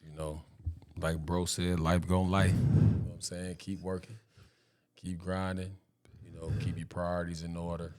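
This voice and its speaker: A man's voice: low-pitched, little pitch movement, normal speed, a little mellow. A man in his thirties co-hosting a podcast, talking in laid-back, slangy casual chat. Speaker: podcast co-host.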